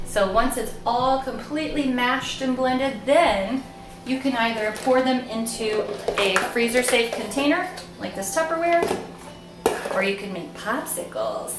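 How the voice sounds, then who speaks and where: Playful young female cooking host, bright and light in pitch, recorded in a roomy space. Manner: chatty and playful, laughs at herself. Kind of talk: casual how-to cooking demonstration.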